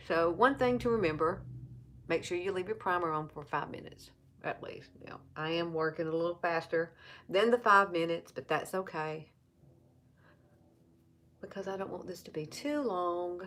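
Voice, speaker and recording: A woman's voice: on the low side, a bit bright. A woman in her fifties with an Alabama Southern accent gives a chatty, casual makeup tutorial, often repeating herself and talking straight to viewers. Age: 50s. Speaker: makeup seller and vlogger.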